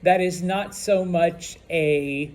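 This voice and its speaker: Slow, patient male Spanish teacher. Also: on the high side, darkish tone. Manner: explains patiently, many checks like "okay?" and "all right?". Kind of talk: classroom lesson. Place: classroom.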